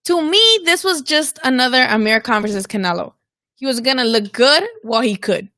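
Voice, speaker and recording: A woman's voice: fairly high pitch, animated, a little fast, pushed and bright, no room sound, studio quality. A woman hosting a casual live-stream about boxing, talking candidly with plenty of swearing and bits of Spanish slang. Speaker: boxing channel host.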